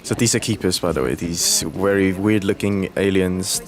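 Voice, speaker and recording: A young man hosting a let's play, commenting on gameplay in a relaxed, rambling way with hesitant fillers, over game audio. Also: deep voice, moderate pace.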